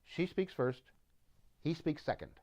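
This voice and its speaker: A man's voice: fairly high pitch, animated, a little slow, a little mellow. A man from Canada giving a rambling, sardonic monologue full of digressions. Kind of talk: casual monologue commentary.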